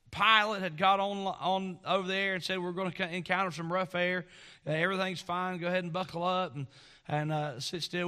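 A middle-aged man preaching a sermon, telling a folksy story in an animated way. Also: sits high, clear, resonant tone. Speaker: pastor.

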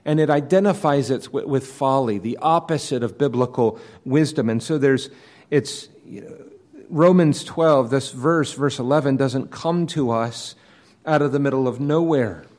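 A man's voice: mid-range voice, darkish tone. Earnest male preacher. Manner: earnest, measured, with frequent restarts. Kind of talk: expository sermon.

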